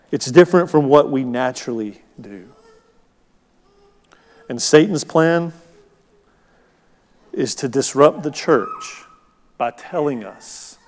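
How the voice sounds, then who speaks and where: A middle-aged man preaching a sermon as pastor, conversational and storytelling. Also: mid-range voice. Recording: long hall reverb.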